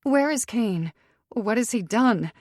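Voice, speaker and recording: A woman's voice: a little high, animated, slow pace, darkish tone, dry recording, pitched above the performer's own voice. A woman voicing a frightened young female gypsy healer in an audiobook, asking anxious, breathless questions in a raised voice, recorded dry and close. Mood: alarmed. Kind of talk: audiobook character reading.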